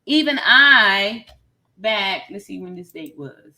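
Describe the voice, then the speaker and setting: A woman's voice: medium pitch, slow pace. A woman hosting a casual commentary vlog, talking straight to her viewers and laughing often at herself. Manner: laughs often, animated, self-mocking; talks straight to viewers, y'all. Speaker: nurse YouTuber, channel host.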